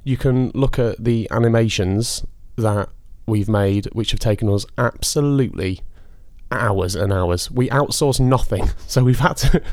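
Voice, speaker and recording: Chatty podcast host. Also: male voice, lowish voice, a little slow, a little mellow, no room sound, clean studio sound. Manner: friendly, rambling, laughs often. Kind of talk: casual chat.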